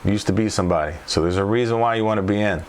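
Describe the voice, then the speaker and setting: A man's voice: fairly low pitch, racing, a little hiss or hum. A trading coach talking through stock charts off the cuff, thinking aloud and checking in with his viewers after every point. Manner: thinks aloud, repeats tag questions. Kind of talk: unscripted chart walkthrough.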